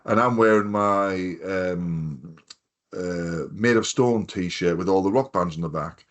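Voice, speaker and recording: A man's voice: low-pitched, slow. A man in his fifties chatting casually on a podcast, telling rambling anecdotes full of swearing and quoted voices. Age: 50s. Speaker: podcast co-host. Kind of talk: casual chat, storytelling.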